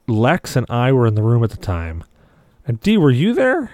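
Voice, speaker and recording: A man's voice: mid-range voice, huge pitch swings, normal speed, darkish tone, no echo, clean studio sound. A man co-hosting a casual podcast chat, rambling through stories and swearing freely. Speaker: podcast co-host.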